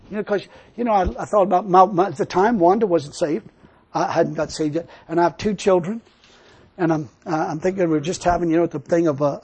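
A man's voice: a little high, darkish tone, slightly rough. An older man preaching a sermon, telling a personal story and then building into emphatic preaching. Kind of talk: sermon testimony.

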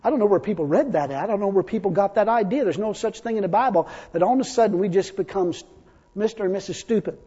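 Husky-voiced preacher in an echoing hall. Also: male voice, sits high, fast. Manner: conversational preaching that swells into loud exclamations. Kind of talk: sermon. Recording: dull lo-fi audio with long hall reverb.

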